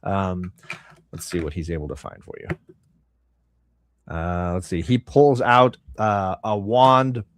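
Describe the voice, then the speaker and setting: A man's voice: low-pitched, steady tone, slow pace, long pauses, no echo, studio quality. A man running a tabletop game as dungeon master, narrating loosely with plenty of fillers.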